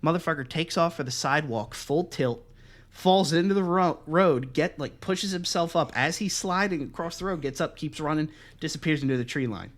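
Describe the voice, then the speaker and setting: A young man co-hosting a podcast, telling a story in casual, profane chat and acting out the other voices loudly. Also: on the high side, moderate pace. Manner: animated, profane, acts out quoted voices loudly. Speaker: podcast co-host.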